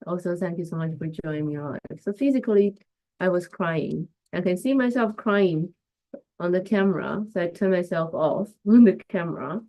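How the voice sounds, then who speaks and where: A woman with a slightly low voice hosts a casual live stream. She talks in a reflective way and stops now and then to greet viewers by name. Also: lively intonation, normal speed, warm tone. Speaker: host and coach.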